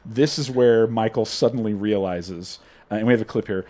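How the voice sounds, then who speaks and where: A man's voice: fairly low pitch, moderate pace, mellow. A man hosting a casual podcast, retelling scenes in a rambling way. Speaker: podcast host. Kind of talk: casual recap chat.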